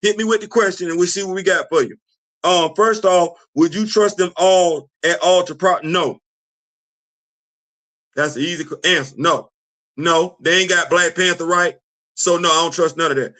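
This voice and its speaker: A middle-aged man hosting a casual livestream chat, animated and laughing often as he answers his audience. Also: high voice. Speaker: host.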